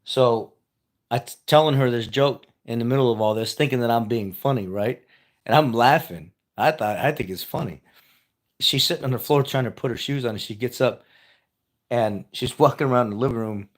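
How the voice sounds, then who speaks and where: A man's voice: mid-range voice, moderate pace. A man telling a personal story in a casual, rambling way, repeating himself and chuckling as he goes. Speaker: vlogger.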